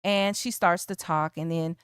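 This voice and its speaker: Woman, podcast co-host, animated retelling, smooth clear voice, dry close sound. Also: fairly low pitch, moderate pace, dry recording. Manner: animated storytelling, acts out characters' lines. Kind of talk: casual film discussion.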